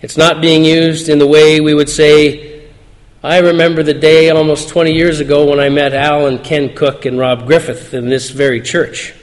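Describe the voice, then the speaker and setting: Earnest preacher in a reverberant church. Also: male voice, fairly high pitch, flat delivery. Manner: earnest, measured scripture reading. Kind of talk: sermon. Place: church sanctuary. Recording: long hall reverb.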